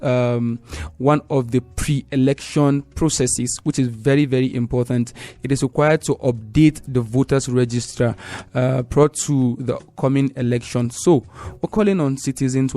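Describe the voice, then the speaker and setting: A man's voice: mid-range voice, dark tone, no room sound. A man hosting a radio talk program, making earnest public-service appeals and repeating key points. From Nigeria.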